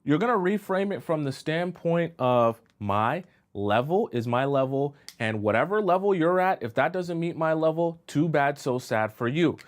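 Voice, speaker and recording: A man's voice: a little high, animated, normal speed, few pauses. A man giving dating advice as a coach on a live stream. He speaks emphatically and often checks in with "right?" and "okay?".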